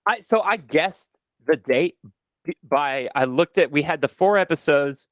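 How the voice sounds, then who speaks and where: Male podcast co-host with a high voice, dry close mic. Jokey, laughs easily. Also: unhurried, no echo. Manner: joking, laughs often, retells clips in put-on voices. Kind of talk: casual chat.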